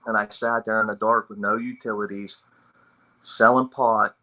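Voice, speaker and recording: Blunt, bright-voiced veteran telling his recovery story. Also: lowish voice, level tone, normal speed, rough recording. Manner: raw, blunt and emotional, with frequent swearing. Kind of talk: personal recovery testimony.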